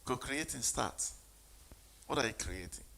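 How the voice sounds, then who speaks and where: A man's voice: mid-range voice, animated, unhurried, creaky, pushed and bright. A man giving a motivational sermon, speaking emphatically and questioning the audience.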